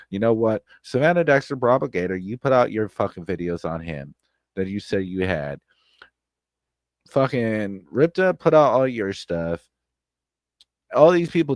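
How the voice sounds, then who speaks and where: A man with a very deep voice streams from home, ranting bluntly about online drama with plenty of swearing and loud outbursts. He circles over the same points repeatedly, and the close, dry mic sound has no echo or room around it.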